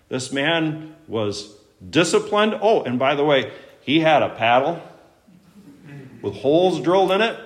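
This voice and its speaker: A middle-aged male pastor preaching a sermon, emphatic, with sudden loud rises and soft drops. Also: medium pitch.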